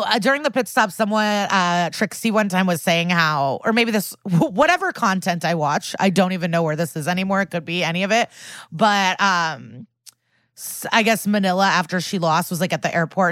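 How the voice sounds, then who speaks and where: A woman's voice: fairly low pitch, no echo. A woman co-hosting a podcast, animatedly recapping a TV episode in casual chat. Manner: animated storyteller, quick recap. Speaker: podcast co-host.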